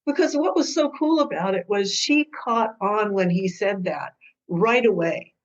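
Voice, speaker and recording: A woman's voice: medium pitch, measured pace. Woman mediator telling stories, lo-fi. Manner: lively storyteller who acts out quoted people. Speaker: guest, co-parenting mediator and author. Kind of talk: storytelling interview answers. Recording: dull lo-fi sound.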